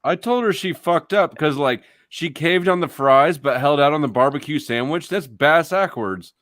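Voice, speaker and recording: A man with a slightly high voice chats on a live panel stream, making dry jokes and teasing the others. The sound is close and dry, with no room echo. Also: animated, moderate pace, a bit bright. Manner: teasing, joking. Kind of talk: casual panel chat.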